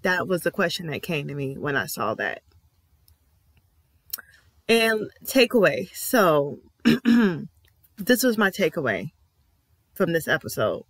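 A woman's voice: lowish voice, big pitch swings, slow pace, pauses often, no room sound. A woman giving an earnest, emphatic reaction commentary on a TV episode, repeating affirmations with feeling. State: emotional. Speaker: TV reaction vlogger.

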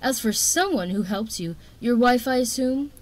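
A woman's voice: on the high side, animated, normal speed, voice pushed up. A woman voicing a cruel, commanding female sea dragon queen who speaks dismissively and with menace. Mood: cold menace.

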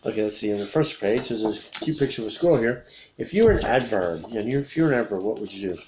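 A man from America, reading a children's book aloud as an English lesson, slowly repeating key words and chuckling often. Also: fairly low pitch, lively intonation, darkish tone, a little hiss or hum, rough recording.

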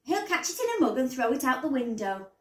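A woman voicing a busy, distracted mother who talks briskly, in a roomy recording. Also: sits high, big pitch swings. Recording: roomy echo.

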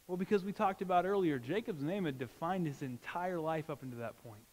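High-voiced man preaching in a reverberant hall. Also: brisk, darkish tone. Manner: earnest, conversational preaching. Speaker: pastor. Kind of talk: sermon. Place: church sanctuary.

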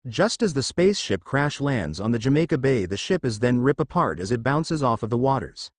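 A man reading scripted fan-fiction narration in a steady read-aloud way. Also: mid-range voice, brisk, no echo, studio quality.

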